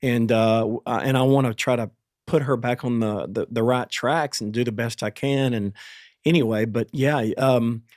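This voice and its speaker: Man talking haltingly, dry studio sound. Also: medium pitch, steady tone, darkish tone, no echo. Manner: halting, with many restarts and fillers. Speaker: podcast host. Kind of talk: candid conversation about parenting.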